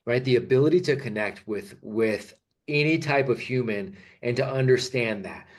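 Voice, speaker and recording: Man, podcast host, mid-pitched voice, casual, encouraging, asks many questions. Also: normal speed. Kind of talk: casual interview.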